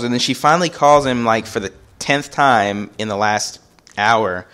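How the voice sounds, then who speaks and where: A man telling a personal story in a casual storytime vlog, animated and acting out the voices of the people in it. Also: medium pitch, moderate pace, smooth. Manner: animated, acts out quoted voices. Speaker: vlogger.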